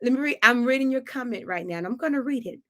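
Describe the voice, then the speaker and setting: Middle-aged woman, singer, chatty livestream host, bright forceful voice. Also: fairly high pitch, lively intonation, quick pace. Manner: chatty, effusive, talks straight to viewers. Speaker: singer hosting a weekly livestream. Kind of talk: casual livestream chat.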